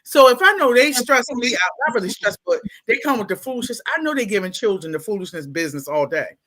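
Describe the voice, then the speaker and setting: A woman's voice: a little high, fast talker. A woman with a Baltimore accent telling stories casually in an interview, laughing and acting out what people said. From Baltimore, USA. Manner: animated, laughing, acts out quotes in exaggerated voices. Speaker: guest, school staff.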